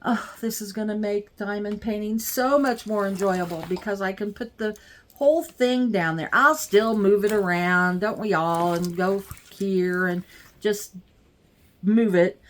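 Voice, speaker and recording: A middle-aged woman speaks at an unhurried, drawn-out pace in a casual home vlog. She gushes with excitement and talks straight to her viewers, picked up by a camera mic in a craft room. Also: mid-range voice. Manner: gushing, excitable, chatty with viewers. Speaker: vlogger.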